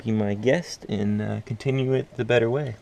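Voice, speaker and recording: Gravelly guy talking thru a car install, mumbles n swears under the car. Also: mid-range voice, fairly even intonation, moderate pace, darkish tone. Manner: mutters and swears while working. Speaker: car DIY vlogger. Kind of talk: casual install tutorial.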